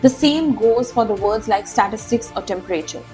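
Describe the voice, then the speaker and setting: A woman's voice: medium pitch, normal speed, warm tone, faint music behind. A woman teaching an online exam-prep lesson, emphatic and instructive, talking straight to her viewers. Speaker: IELTS teacher.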